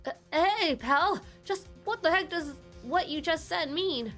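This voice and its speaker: A gruff police detective blusters and argues in a blunt way, read by a woman in a higher pitch. The voice is bright and a little raised. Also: animated, a little slow, soft background music, full character voice. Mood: indignant.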